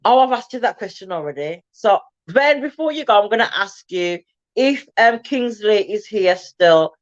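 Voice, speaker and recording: A woman's voice: medium pitch, expressive, normal speed, lo-fi sound. A woman co-hosting a casual live stream chat, talking chattily with her mouth full as she eats. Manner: chatty, talks while eating with mouth full. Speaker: co-host.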